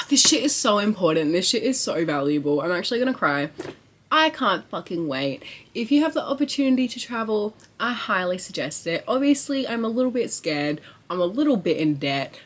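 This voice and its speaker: A young woman chatting to camera in a casual vlog, excitable and rambling, with lots of swearing and filler words. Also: mid-range voice, moderate pace. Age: young adult. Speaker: vlogger.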